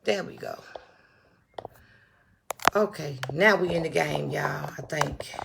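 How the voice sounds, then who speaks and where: Low-pitched with vocal fry, this woman takes her time while background noise fills the clip. She's running a relaxed livestream on a phone or small setup on a stand, addressing the audience directly, saying hello to chatters by name, and repeating key lines for emphasis.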